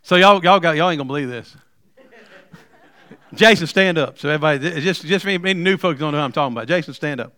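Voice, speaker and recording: A middle-aged man preaching a sermon, telling stories with humor and building to loud, emphatic points. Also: a little high, very fast, hardly any pauses, dry recording. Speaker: pastor.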